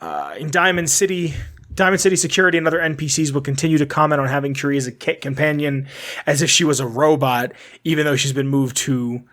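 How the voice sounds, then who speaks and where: A young man co-hosting a casual podcast reads out game trivia in a rambling way, laughing at his own slips. His voice is on the high side, fairly bright, and fast.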